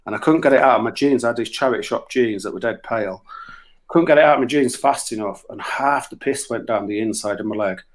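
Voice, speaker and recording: A man's voice: medium pitch, fast talker. Crude storytelling Yorkshire man. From Yorkshire, England. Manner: crude, swearing, animated anecdotes with put-on voices. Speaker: musician telling stories on a radio show. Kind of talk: casual storytelling chat.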